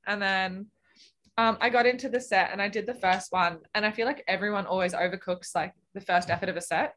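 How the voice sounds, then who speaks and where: A young woman, a swimmer, chatting casually as a guest, telling animated stories and acting out what people said. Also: mid-range voice, fairly quick. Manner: animated storyteller, acts out quotes, laughs often. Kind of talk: casual interview chat.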